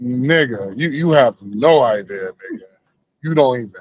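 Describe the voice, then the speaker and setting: A man's voice: medium pitch, animated, normal speed, no echo, lo-fi sound. A man with a Southern US accent trading crude, laid-back stories as a podcast co-host. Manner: laid-back storytelling with slang and profanity. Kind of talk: casual crude banter.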